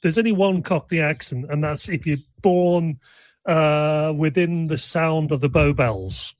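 A man's voice: a little high, a little slow, no room sound, rough recording. A man chatting as a guest on a radio talk show, in a wry, chatty way. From United Kingdom.

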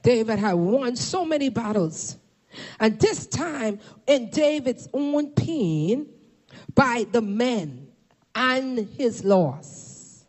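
A woman preaching a fervent sermon to a congregation, shouting at peaks and calling for responses, filmed for a camera. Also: a little high, animated, very slow. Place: church or meeting hall. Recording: long hall reverb.

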